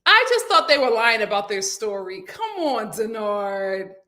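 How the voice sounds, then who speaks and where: Animated bright-voiced woman streamer. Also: medium pitch, measured pace. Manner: chatty, animated, reads viewer comments aloud. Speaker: live-stream host. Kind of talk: casual live-stream chat reading comments. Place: home.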